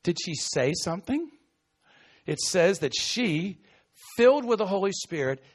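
Very high-pitched man delivering a lively, playful sermon with shouted acted-out lines. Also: moderate pace. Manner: playful, acts out scripture quotes with shouts and laughs. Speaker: preacher. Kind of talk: animated sermon.

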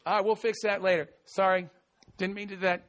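Very high-pitched man delivering a lively, playful sermon with shouted acted-out lines. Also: a little fast. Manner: playful, acts out scripture quotes with shouts and laughs. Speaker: preacher. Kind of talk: animated sermon.

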